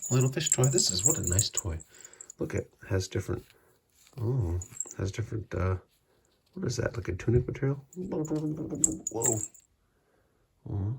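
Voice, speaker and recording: A man's voice: lowish voice, very animated, a little slow, creaky, pauses often, a little mellow, slight background noise. A man talking baby talk to his cat at home, cooing in a raised sing-song voice while he films it playing. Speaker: pet owner filming his cat. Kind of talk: casual baby talk to a pet. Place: home indoors.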